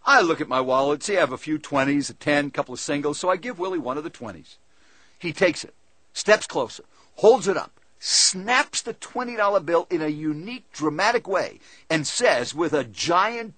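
Animated male storyteller, husky voice. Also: a little high, normal speed, dry recording. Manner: lively, conversational, animated storytelling. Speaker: seminar speaker. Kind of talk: first-person storytelling talk.

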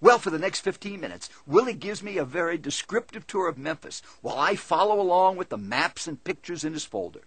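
Husky-voiced male speaker, animated storytelling, higher-pitched delivery. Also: fairly quick, hardly any pauses, dry recording. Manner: lively, conversational, animated storytelling. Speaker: seminar speaker. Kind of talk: first-person storytelling talk.

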